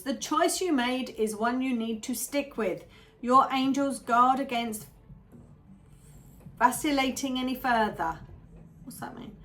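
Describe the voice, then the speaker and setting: A woman's voice: sits high, a little slow, long pauses. Chatty woman reading tarot. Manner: chatty, animated, keeps asking "yeah?". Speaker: tarot reader.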